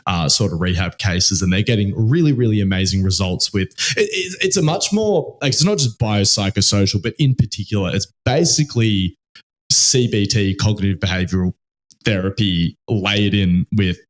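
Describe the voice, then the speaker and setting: A man's voice: on the low side, moderate pace. An Australian man co-hosting a podcast in loose, casual chat, swearing freely and full of fillers and restarts. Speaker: podcast co-host.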